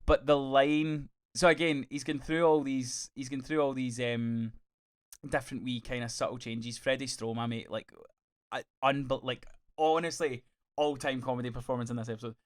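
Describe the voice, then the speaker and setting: A man co-hosting a podcast, chatting in a gushing, sweary, animated way. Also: mid-range voice, normal speed, clean tone. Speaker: podcast co-host. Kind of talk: casual review chat.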